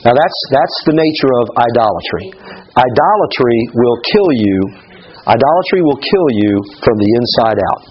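A man's voice: mid-range voice, lively intonation, normal speed, lo-fi sound. A man preaching a sermon as pastor, telling a scripture story with humor and acting out the people in it.

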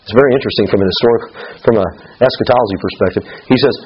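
A middle-aged man with a lowish, slightly rough voice speaks very fast, teaching a conversational Bible study and often checking in with his listeners. The recording is slightly muffled.

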